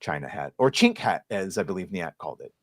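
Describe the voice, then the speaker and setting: A man hosting a casual live podcast chat, joking and playful, swinging between loud and soft. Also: low voice, very animated, fairly quick, dry recording, studio quality. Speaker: podcast host.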